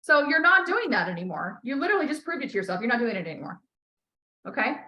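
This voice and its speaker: A woman's voice: a little high, very animated, fast talker, bright, forceful tone, poor audio. A woman coaching a client on a call, talking bluntly, swearing freely and encouraging her. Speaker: life coach.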